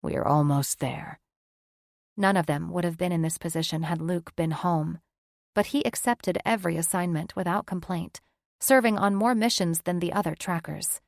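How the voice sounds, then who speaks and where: A woman narrating a fantasy romance audiobook in an even, measured way. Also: fairly low pitch, creaky, no room sound, clean studio sound. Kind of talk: scripted narration.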